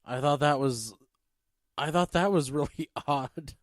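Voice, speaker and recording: A man's voice: a little high, unhurried, no echo, clean studio sound. A man co-hosting a casual movie podcast, chatting in a joking way. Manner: joking, does mock voices in quotes. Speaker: podcast co-host.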